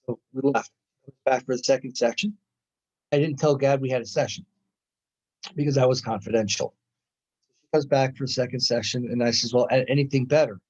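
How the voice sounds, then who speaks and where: Male lecturer, husky voice, storytelling style with quoted dialogue; muffled lo-fi recording. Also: mid-range voice. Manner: animated retelling with quoted dialogue.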